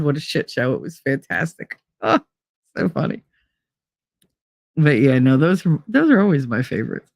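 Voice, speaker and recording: A middle-aged woman chatting frankly with viewers on a livestream, full of swearing and quoted exchanges done in high mocking voices. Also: a little mellow, no echo, clean studio sound. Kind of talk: casual livestream chat.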